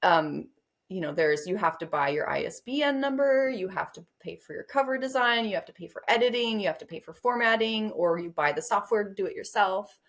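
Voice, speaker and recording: A woman's voice: mid-range voice, lively intonation, fairly quick. A woman guest author in casual interview chat, rambling a bit and laughing often.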